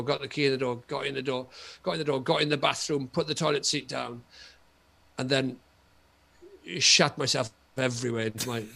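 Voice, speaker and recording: A middle-aged Welsh man, a comedian guest on a podcast, telling a comic story in an animated way and often repeating himself. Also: medium pitch, gravelly, a little hiss or hum. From Wales. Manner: animated, repetitive storytelling with frequent laughter.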